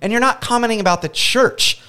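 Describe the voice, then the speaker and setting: A man's voice: very high-pitched, a little fast, pushed and bright, clean tone. A man co-hosting a casual podcast, ranting heatedly about a movie with plenty of profanity. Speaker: podcast co-host. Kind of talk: casual movie-review chat.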